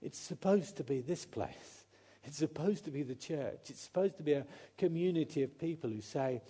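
A man's voice: fairly high pitch, moderate pace, few pauses, dark tone, husky. A man preaching a conversational sermon, often acting out quotes and restarting his sentences.

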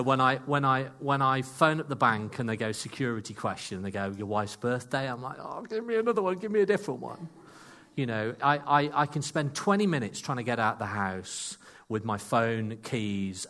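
A man preaching a sermon to a congregation, telling stories with lively asides and jokes about himself. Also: mid-range voice. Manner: animated storytelling, self-deprecating asides.

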